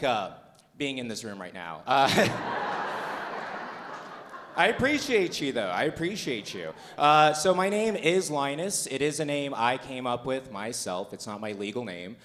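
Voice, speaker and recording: A man doing a stand-up comedy set on stage with a handheld mic, loud and hyped, mocking himself and shouting out to the crowd. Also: mid-range voice. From Boulder, Colorado. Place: comedy stage in front of a live audience.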